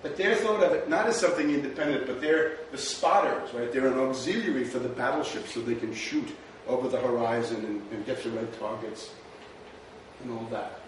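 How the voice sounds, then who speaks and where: A fairly quick man with a mid-range voice talks through history in a lecture room, rhetorical and conversational, frequently adding "right?". Faint noise, a distant mic, and heavy echo mark the recording.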